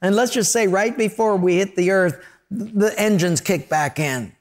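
A man's voice: high-pitched, unhurried. A man preaching a sermon, telling stories and acting out voices and sounds along the way. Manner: storytelling preacher, acts out voices and sound effects. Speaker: pastor.

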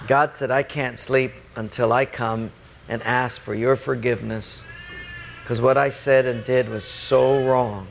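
A man's voice: mid-range voice, steady tone, a little slow, gravelly, long reverb tail, a little hiss or hum. A man voicing a sheepish, apologetic young man who stammers as he asks forgiveness. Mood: pleading. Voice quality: hesitant, stammering.

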